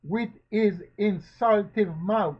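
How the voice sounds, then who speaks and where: The recording is dull and lo-fi as a man with a fairly high, slightly rough voice offers social commentary at an unhurried pace. Like a preacher, he stacks rhetorical question upon rhetorical question and repeats phrases in a slow, emphatic cadence.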